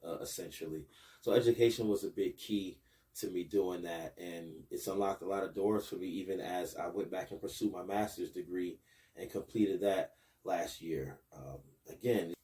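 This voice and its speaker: Laid-back low-voiced man hosting a podcast. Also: far from the mic. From Buffalo, New York. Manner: hypes up viewers, rising excitement with promos. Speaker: podcast host and basketball coach. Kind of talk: casual podcast monologue.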